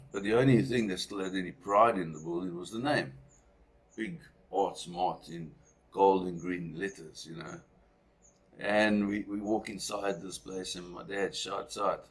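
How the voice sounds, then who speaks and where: A man's voice: sits low, slightly rough. A man from South Africa telling a personal story in a rambling, conversational way with asides.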